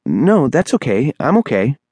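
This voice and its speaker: A man's voice: medium pitch, very animated, moderate pace, darkish tone, husky, dry recording, voice pushed up. A man voicing a nervous, polite young boy in an audiobook, with a hesitant, apologetic manner. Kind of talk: audiobook character voice.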